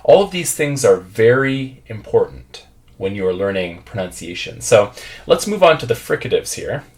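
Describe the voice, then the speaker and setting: A man's voice: on the low side, sing-song, moderate pace, a little mellow. A man teaching English pronunciation, patiently drilling words and having learners repeat after him.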